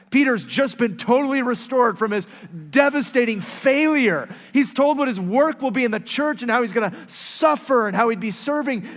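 A man preaching a sermon as pastor, telling a story with animated swings from loud to hushed. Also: extremely high pitch, long reverb tail.

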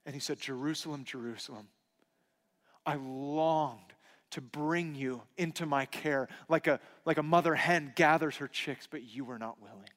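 Earnest pastor preaching in a reverberant hall. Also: male voice, moderate pace. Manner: earnest storytelling, dropping to a hushed low voice for emphasis. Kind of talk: sermon.

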